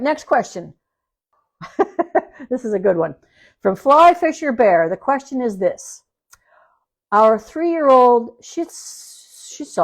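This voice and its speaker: A woman dog trainer answering listener questions in a casual podcast, plainspoken and repetitive on key points. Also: medium pitch. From Canada. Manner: plainspoken, repeats key points, acts out dog and owner lines.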